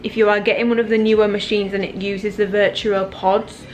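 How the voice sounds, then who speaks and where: A woman's voice: medium pitch, level tone, fairly quick, soft background music. Chatty young Englishwoman vlogging at home. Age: early 20s. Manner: chatty and rambling, with lots of "like". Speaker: fitness vlogger. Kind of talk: casual vlog chat.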